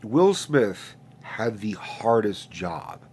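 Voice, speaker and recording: A man's voice: on the low side, sing-song, drawn-out words, a little mellow, husky. A man in his late twenties who sounds stuffed up from a sinus infection, hosting a casual, profane, rambling rant with many restarts. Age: late 20s. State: congested, stuffed-up nose. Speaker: host.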